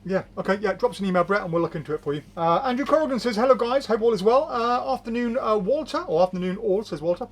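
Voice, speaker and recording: A man's voice: high voice, animated, fast, hardly any pauses. A man hosting a casual live stream, reading viewer comments aloud with chatty asides and easy laughs. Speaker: host of a magic shop's live show. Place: magic shop studio.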